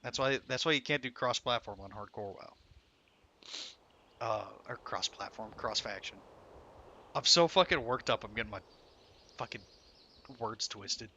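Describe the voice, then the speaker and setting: Streamer, young man, bright forceful voice, swearing gamer commentary, faint ambience behind. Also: mid-range voice, measured pace, long pauses, lo-fi sound, a little hiss or hum. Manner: swearing, swinging between frustration and laughter. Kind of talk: live gameplay commentary.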